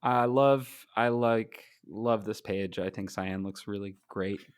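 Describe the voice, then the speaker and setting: A man's voice: fairly low pitch, fairly even intonation, slow pace, smooth, dry recording, clean studio sound. Enthusiastic rambling male podcast co-host. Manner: enthusiastic, rambling with many fillers. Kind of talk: casual podcast chat about comics.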